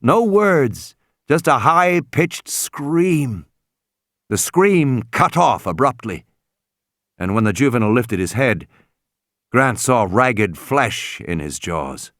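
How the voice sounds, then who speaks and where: A man reading a novel aloud as an audiobook narrator, dramatic and expressive. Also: mid-range voice, takes it slowly, no room sound, studio quality. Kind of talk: scripted narration.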